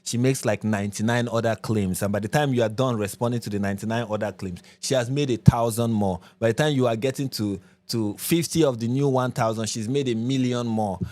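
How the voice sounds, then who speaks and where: A man's voice: mid-range voice, a little fast, few pauses, darkish tone, dry recording. A man hosting a commentary channel, from Nigeria, explaining his point emphatically and with a lot of repetition. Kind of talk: reaction commentary.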